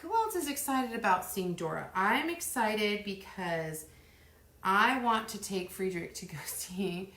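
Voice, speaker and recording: Chatty middle-aged woman with vocal fry. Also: medium pitch, lively intonation, unhurried. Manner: chatty and rambling, counting softly under her breath. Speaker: craft livestream host. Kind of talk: casual live chat while crafting. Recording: roomy echo.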